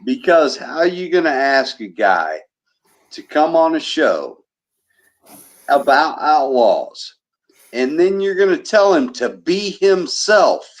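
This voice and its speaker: A man's voice: fairly high pitch, big pitch swings, slow. A man co-hosting a casual livestream chat, rambling and repeating himself as he talks.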